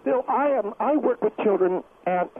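This comedic phone-in role-play has a man impersonating an indignant, self-pitying dance teacher, a middle-aged woman on the defensive. His voice is husky and raised above its usual register, moving at a normal speed over a tinny phone connection with noise.

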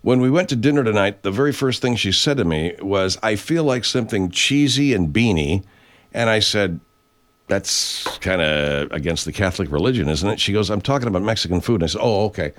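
A man's voice: fairly low pitch, animated, fairly quick. Profane rambling older man hosting a chat. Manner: rambling, profane, reads names and messages aloud. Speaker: host. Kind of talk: casual live chat show, reading viewer comments. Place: home studio.

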